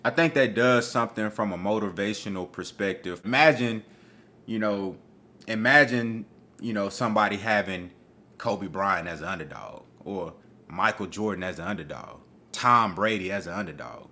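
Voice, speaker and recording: Man, lowish bright voice, casual boxing opinion talk, slangy and profane. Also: moderate pace. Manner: profane, animated, street slang. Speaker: boxing commentator.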